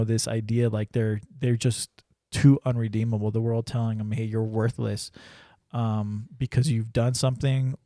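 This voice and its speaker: A man's voice: mid-range voice, warm tone, no room sound, studio quality. A man sharing a personal faith story in casual conversation, earnest and full of restarts. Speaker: ranch crew member sharing testimony.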